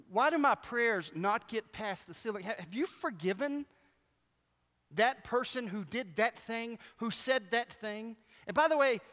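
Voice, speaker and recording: A male preacher delivers a sermon with a fairly high voice. He tells stories with lively animation and acts out the people he quotes. His voice carries a long reverb, as in a large hall.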